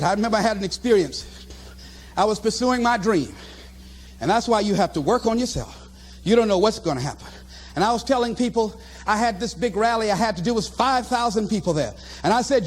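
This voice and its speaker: A motivational speaker with a very high voice addresses a live audience at a fairly quick pace. He tells stories with animated delivery, shouting out lines he acts out himself.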